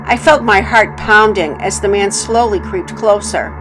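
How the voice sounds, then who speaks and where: A woman narrating horror stories for her channel in a calm, measured way. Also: medium pitch, over music, rough recording.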